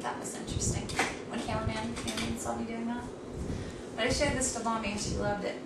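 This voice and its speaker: A woman's voice: a little high, steady tone, fast talker, vocal fry. Quirky woman rambling at home, far from the mic, noisy and roomy. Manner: quirky, meandering, self-deprecating. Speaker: vlogger. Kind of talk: rambling casual chat to camera. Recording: echoey room, distant mic, noisy background.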